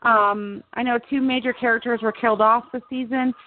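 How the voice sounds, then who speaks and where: A woman hosting a show chats casually about TV, laughing often and repeating words as she goes. Her voice is on the high side with fairly even intonation and a brisk pace, heard over a dry, tinny, phone-like line with slight background noise.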